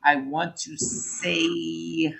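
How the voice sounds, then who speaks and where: A man's voice: on the high side, flat delivery, extremely slow, vocal fry, pushed and bright, poor audio. A man in casual chat, thinking aloud about a question with emphatic bursts.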